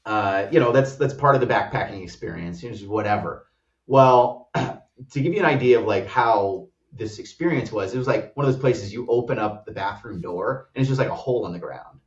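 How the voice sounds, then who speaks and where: A man's voice: on the low side, expressive, brisk. An American man who co-founded a startup, telling a travel story as a guest in a loose, rambling way full of "like" fillers. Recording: roomy, distant, dull-sounding audio.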